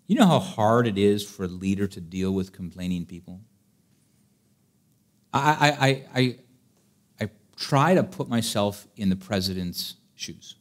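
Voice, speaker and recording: A man preaching a sermon in an animated, humorous way, acting out scripture stories as he teaches. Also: fairly low pitch, unhurried.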